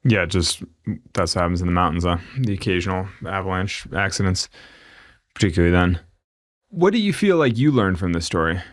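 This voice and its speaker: Very deep-voiced laid-back male host. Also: animated, fairly quick. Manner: casual, brief, laid-back questions. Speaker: podcast host. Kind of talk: podcast interview conversation.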